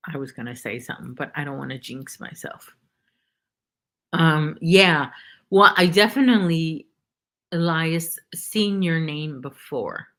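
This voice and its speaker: A woman's voice: deep voice, unhurried, a bit bright. A woman hosting a casual crochet livestream from home, chatting in a rambling way and reading viewers' names aloud. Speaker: livestream host. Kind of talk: casual chat while crocheting.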